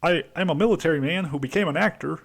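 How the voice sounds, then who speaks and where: A man doing a comic impression of an earnest male actor who was once an army field medic, talking in rushed, halting restarts. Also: fairly high pitch, vocal fry, pitched above the performer's own voice.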